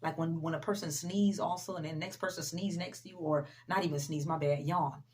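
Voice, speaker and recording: Low-voiced woman giving a casual pep talk. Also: steady tone, a little fast. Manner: conversational, addresses viewers directly, frequent "you know"; repeats key sayings for emphasis. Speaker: motivational vlogger.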